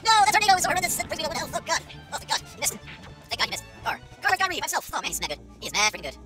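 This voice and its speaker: A man's voice: very high-pitched, big pitch swings, rapid-fire, sharp tone. A man giving goofy, rambling commentary over a game with a sped-up chipmunk effect, often singing made-up ditties. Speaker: let's play host. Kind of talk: casual gameplay commentary. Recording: game music behind. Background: game music.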